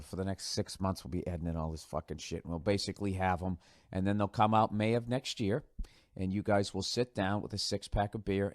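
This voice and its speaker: A man in his forties with a Boston accent, talking in a loose, rambling podcast monologue. He sounds sarcastic and offhand and swears freely. His voice sits fairly low and is recorded dry and close. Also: no echo. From United States. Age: 40s. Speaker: podcast host.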